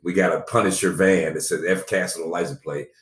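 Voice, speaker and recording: A middle-aged man with a very deep, low voice tells stories in a relaxed, unhurried way. He slips into lively voices when he quotes people. The room around him is echoey. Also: far from the mic. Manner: storytelling, laid-back, quotes people in animated voices. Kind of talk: casual chat.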